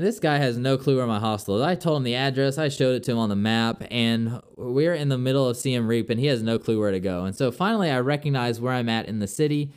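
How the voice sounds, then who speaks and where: Smooth-voiced young man telling a story. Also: mid-range voice. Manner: chatty, loose storytelling with lots of "like" and "I'm like". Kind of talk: casual personal travel anecdote.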